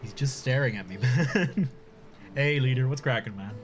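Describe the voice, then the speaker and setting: A man's voice: mid-range voice, moderate pace, soft background music. A man chatting casually on a live stream, talking with his mouth full and laughing often.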